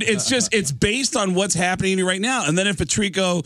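A man hosting a podcast, telling a comic story in an animated way with laughter through it. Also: high-pitched, fairly quick, few pauses. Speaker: podcast host.

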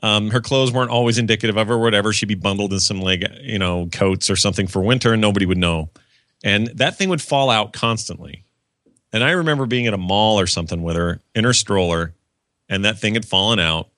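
Low bright-voiced man telling anecdotes. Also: brisk, dry recording, clean studio sound. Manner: relaxed, explaining, falsetto when quoting others. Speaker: podcast co-host. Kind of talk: casual chat, storytelling.

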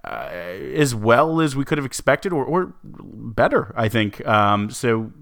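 A man's voice: medium pitch, animated, slow pace, vocal fry, fairly bright tone, no echo, clean studio sound. A man co-hosting a sports podcast, chatting casually with lots of fillers and restarts. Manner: chatty, many fillers and restarts, laughs easily. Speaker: podcast co-host.

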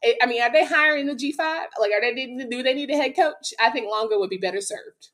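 A woman's voice: a little high, fast talker. A woman with a Southern accent, co-hosting a sports talk show, ranting about her team with laughs in between. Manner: venting, animated, laughing between rants. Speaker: co-host.

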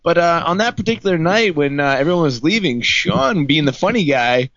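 A man's voice: on the high side, lively intonation, fairly quick, fairly bright tone, dry recording, lo-fi sound. A man telling teasing stories about an old friend in a casual pub chat. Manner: teasing storyteller. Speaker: high school friend of the host.

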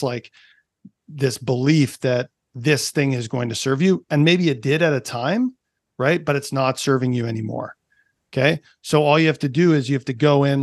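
A man's voice: mid-range voice, no room sound, clean studio sound. A man from Canada in his thirties, a performance coach chatting on a podcast, explaining ideas with lots of "like" and "right?". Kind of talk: casual podcast interview.

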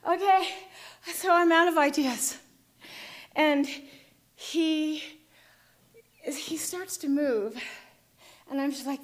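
A woman with a high, light voice tells a personal story with vivid drama. She moves from hushed tension to loud outbursts as she relives it. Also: measured pace, pauses often. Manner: vivid, dramatic retelling, shifting between hushed and shouting.

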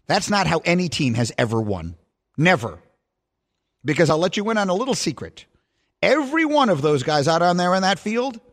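A male sports radio host delivering emphatic, scornful commentary. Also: a little high.

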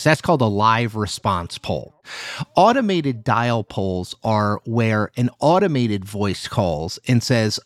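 A man, a journalist guest, explaining things in an animated, emphatic way and hedging with "you know.". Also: mid-range voice, unhurried, no echo. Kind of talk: conversational explanation.

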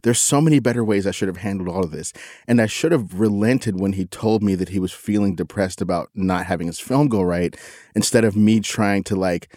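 A middle-aged man with a low, steady voice tells a story on a podcast in a candid, self-critical way, often restarting his sentences. The sound is dry and close. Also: no echo. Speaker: podcast co-host. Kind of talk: casual storytelling.

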